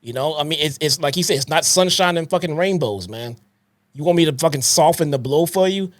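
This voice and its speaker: A man's voice: a little high, fairly quick, no echo. A man co-hosting a podcast, lecturing emphatically and swearing as he argues his point. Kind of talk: heated podcast rant.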